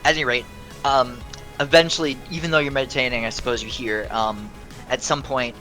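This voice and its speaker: A man's voice: mid-range voice, steady tone, fairly quick, pushed and bright, soft background music. A man narrating as game master of a tabletop game, hesitant with many ums and restarts.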